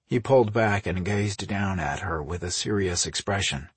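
Deep, very husky male narrator. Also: expressive, normal speed, no echo. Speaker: audiobook narrator. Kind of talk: scripted narration.

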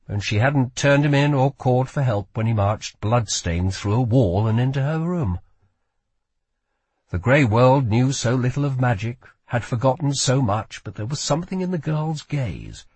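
Man, audiobook narration, low pitch, husky, very lively delivery. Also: no echo. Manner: expressive storytelling.

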